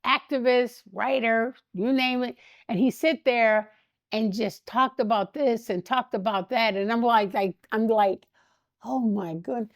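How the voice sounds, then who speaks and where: An older woman, a guest in an interview, telling animated stories and acting out the voices of the people in them, often breaking into laughter. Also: a little high, a little slow, no echo, clean studio sound. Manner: animated anecdotes, laughs often, acts out quotes. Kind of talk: storytelling interview.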